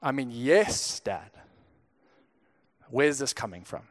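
A young pastor from Zimbabwe tells a personal story in a conversational sermon, often stammering and restarting his words. His mid-range voice is very animated, though his pace is slow.

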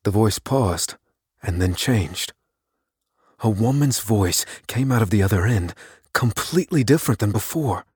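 An actor playing an unassuming man, narrating his own story in the first person in an audio drama, measured and wary. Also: lowish voice, expressive, darkish tone, husky, dry recording, clean studio sound, heavily acted. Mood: steady.

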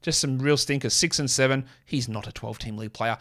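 A man hosting a casual sports show, reading off stats quickly with blunt, sarcastic commentary. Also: mid-range voice, fairly bright tone. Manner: blunt, sarcastic, rapid-fire stat reading. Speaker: podcast host.

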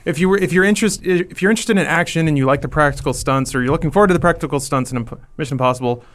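A man's voice: on the high side, racing. A man co-hosting a movie podcast, joking and mocking himself in casual chat. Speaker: podcast co-host.

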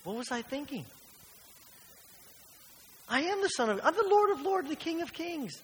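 A man's voice: very animated, normal speed. A man voicing a boastful male messiah figure who brags about his power, in a mocking, grandiose way. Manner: mocking, grandiose, high-pitched and emphatic. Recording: reverberant church hall with faint hiss.

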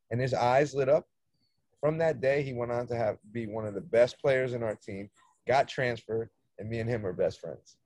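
A man, a soccer coach, telling a story in casual chat, animated, swearing freely and acting out the dialogue. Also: mid-range voice, normal speed, no room sound. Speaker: soccer coach, podcast guest.

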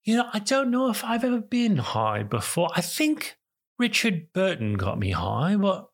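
A man doing an impression of a famous older actor, with a giddy, high-pitched, excited delivery. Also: normal speed, heavily acted. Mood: curious. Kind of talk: celebrity impression in an interview.

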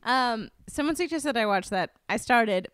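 A woman co-hosting a podcast in casual chat, animated and playful, often slipping into voices to mimic people. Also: fairly high pitch, measured pace, clear, resonant tone, dry recording, clean studio sound. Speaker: podcast co-host.

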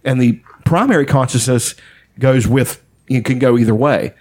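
A man's voice: medium pitch, normal speed, darkish tone. A man chatting casually, retelling a story at length with lots of fillers and swearing. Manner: rambling, profane storytelling with many fillers. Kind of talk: casual chat.

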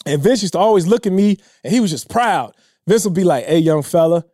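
A man in his thirties telling a personal story in a casual, emotional way, dropping low and quiet when he quotes others. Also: animated, fairly quick, no echo, studio quality. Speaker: podcast guest.

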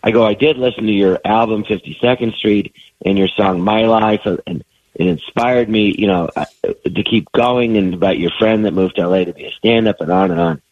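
A middle-aged man with a cold, his voice husky and thick with phlegm. He rambles through stories in a self-deprecating way, with a dry, close sound. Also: fairly low pitch, normal speed, no echo, phone-quality sound. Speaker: comedian guest. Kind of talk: casual chat.

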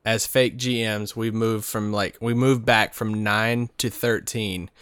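A man's voice: on the low side, little pitch movement, slow pace, a bit bright, clean tone, dry recording, clean studio sound. A man co-hosting a casual sports podcast, easygoing and explaining things at length. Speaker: podcast co-host.

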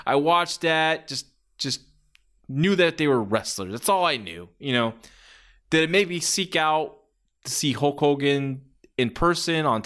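A man's voice: mid-range voice, a bit bright, smooth. A man in his forties hosting a podcast, telling stories in a rambling, enthusiastic way with lots of fillers. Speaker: podcast host. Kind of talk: casual podcast monologue.

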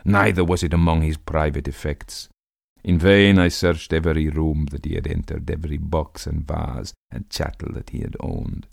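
A man's voice: rumbling low, fairly even intonation, normal speed, vocal fry, dry recording, clean studio sound. A man giving a dramatic reading of a classic tale, voicing the characters theatrically. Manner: theatrical, voices characters with rising intensity. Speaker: audiobook narrator.

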